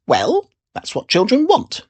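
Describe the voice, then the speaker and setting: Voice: sits high, wildly swooping pitch, measured pace, darkish tone, slightly rough, pitched above the performer's own voice, full character voice. A storyteller voicing a gang of rude Christmas elves, with a dismissive, brusque delivery.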